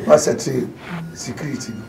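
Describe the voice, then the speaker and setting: A man's voice: medium pitch, a little slow, gravelly. A man hosting a casual chat, telling stories animatedly and mixing Twi and English. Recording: distant mic with faint noise.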